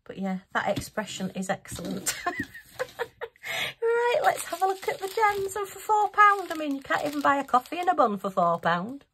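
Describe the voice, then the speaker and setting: A woman's voice: sits high, very animated, normal speed, fairly bright tone, a little hiss or hum. A woman hosting a craft channel, chatting through a casual unboxing review, giggly and poking fun at herself. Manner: chatty, giggly and self-mocking.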